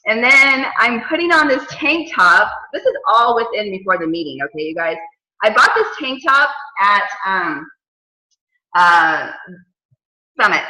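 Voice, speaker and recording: A woman in her thirties coaching her team on a casual video call, telling stories with lively, dramatic asides. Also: a little high, echoey room, poor audio. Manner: animated storytelling with dramatic quoted asides.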